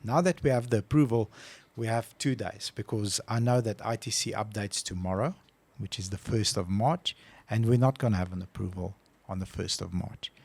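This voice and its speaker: A man co-hosting a casual podcast, telling a story with lively acted-out phone calls. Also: on the low side, moderate pace, vocal fry, husky. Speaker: podcast co-host.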